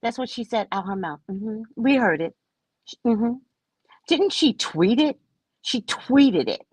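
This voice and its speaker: A woman talks casually to her live-stream viewers from home, reading their comments and answering them as she goes. Her voice is breathy and sweeps widely up and down in pitch. She speaks at an unhurried pace, close to the mic in a dry room. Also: animated, a little mellow, no room sound, rough recording. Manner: chatty, reads and answers comments aloud. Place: at home by the kitchen table.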